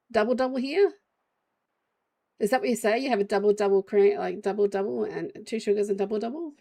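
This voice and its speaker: Australian woman, game streamer, creaky gravelly voice, loose rambling chat to her viewers. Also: mid-range voice, normal speed, pauses often, warm tone. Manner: rambling, chatty, talks to chat while playing. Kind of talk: casual live-stream chat.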